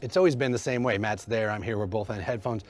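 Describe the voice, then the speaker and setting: A man being interviewed about his voice work, telling quick, animated stories and laughing as he goes. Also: fairly low pitch. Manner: quick, animated storyteller who laughs as he talks. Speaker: interviewed show creator and voice actor. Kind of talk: interview anecdotes.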